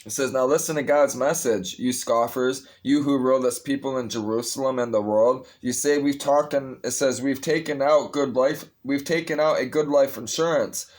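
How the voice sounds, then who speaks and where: A man's voice: mid-range voice, steady tone, normal speed, hardly any pauses. A man casually reading scripture aloud, breaking off with blunt, profane asides and restarting his phrases. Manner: restless, interrupts himself and restarts phrases. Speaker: Bible reader.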